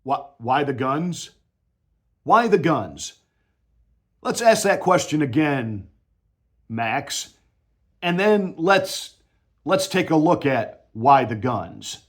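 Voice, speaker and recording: A man's voice: a little high, very animated, takes it slowly, long pauses, breathy edge. A male pastor giving political commentary in a combative, emphatic, mocking way.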